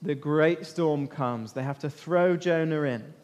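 High-voiced man preaching in a reverberant hall. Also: unhurried. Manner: lively, questions the listeners and waits for answers. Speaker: preacher leading a Bible talk. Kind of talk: interactive Bible storytelling sermon. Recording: long reverb of a large hall.

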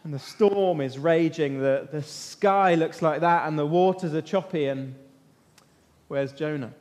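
A man teaching an interactive Bible lesson as an animated storyteller, asking his listeners questions. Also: on the high side, unhurried. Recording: long echo of a large hall.

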